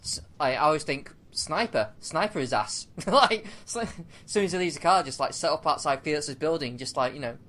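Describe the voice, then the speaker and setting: A man's voice: a little high, animated, a little fast, hardly any pauses, fairly bright tone. A man co-hosting a film review podcast, rambling with fillers and restarts and laughing often. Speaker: podcast co-host. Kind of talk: casual film review chat.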